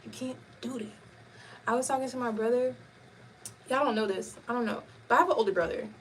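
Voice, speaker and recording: A woman hosting a casual live chat, telling stories in an animated way and laughing often. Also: a little high, fast talker. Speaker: host. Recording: distant mic with faint background noise.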